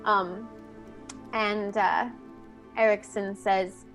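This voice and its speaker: A woman narrating a tabletop game as game master, with frequent pauses and restarts. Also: mid-range voice, steady tone, a bit bright, faint music behind. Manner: halting, with many restarts and fillers.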